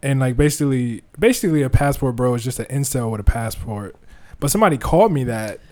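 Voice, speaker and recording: A comedian guesting on a podcast, telling rambling stories in an animated, casual way. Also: male voice, mid-range voice, fast talker. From United States. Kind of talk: casual chat.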